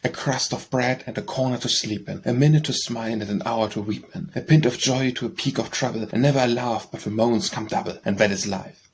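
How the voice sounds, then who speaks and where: Gravelly man reading poems aloud. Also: mid-range voice, a little hiss or hum. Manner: measured, announces each title and author. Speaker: audiobook reader. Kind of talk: poetry reading.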